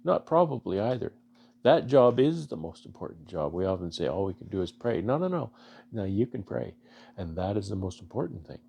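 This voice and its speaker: Brief: low, gravelly Canadian man, beekeeper vlogger, earnest and halting, a little choked up. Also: very animated, mellow. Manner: halting, many restarts and fillers, earnest. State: emotional, choking up. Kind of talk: casual heartfelt talk to camera.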